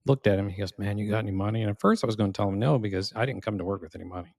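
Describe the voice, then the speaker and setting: A low, gravelly man talks quickly through a casual story, spinning loose anecdotes with plenty of fillers. The sound is close and dry, with no room around it. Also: no room sound. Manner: relaxed, rambling anecdotes with drawn-out fillers. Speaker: podcast co-host.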